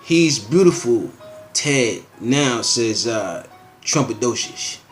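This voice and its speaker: A man's voice: mid-range voice, lively intonation, slow, soft background music. A man hosting his own show, reading news headlines and riffing on them in a loose, slangy, rambling way. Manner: loose and slangy, with frequent asides and filler phrases. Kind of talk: casual rambling news commentary.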